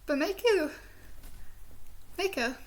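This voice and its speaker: A woman's voice: very high-pitched, lively intonation, takes it slowly. A woman from the southern United States with a speech impediment that she says sounds British, rambling casually through a review with lots of fillers and giggles. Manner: chatty and giggly, with many "like" fillers and soft whispered asides. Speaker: video reviewer.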